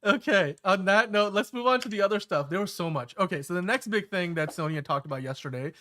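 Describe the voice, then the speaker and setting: A man's voice: high-pitched, quick pace, bright, forceful tone. A man in his thirties hosting a casual podcast chat, talking in a rambling way with many fillers and restarts. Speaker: show host.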